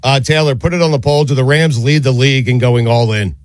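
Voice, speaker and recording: A man's voice: medium pitch, fairly even intonation, brisk, dry recording. A man hosting a casual sports talk show, emphatic, laughing often and handing off to his co-hosts. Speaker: sports radio host.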